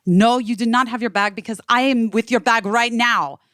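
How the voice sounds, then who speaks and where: A woman voicing a firm airline baggage agent in a raised pitch while retelling a phone call. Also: moderate pace, fairly bright tone, no room sound, clean studio sound, lightly acted. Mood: insistent.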